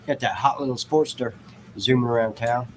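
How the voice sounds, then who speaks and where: A man hosting a casual podcast, putting questions to the others in a teasing, relaxed way. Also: mid-range voice, moderate pace, a little hiss or hum, poor audio. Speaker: podcast host asking questions.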